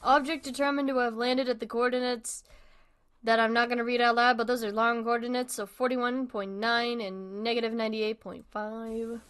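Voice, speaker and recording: A woman's voice: on the high side, little pitch movement, normal speed, fairly bright tone, clear, resonant tone. A young woman streaming a horror game. She reads the on-screen text aloud and rambles in a casual, self-deprecating way while eating dinner.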